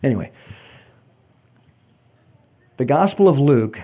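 A man's voice: mid-range voice, expressive, slow, warm tone. A man preaching a sermon in a conversational, joking way with frequent asides. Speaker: pastor.

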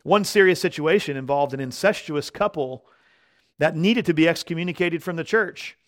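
Male preacher, slightly high voice, emphatic sermon delivery, punches key words. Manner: slows down when quoting scripture. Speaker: pastor.

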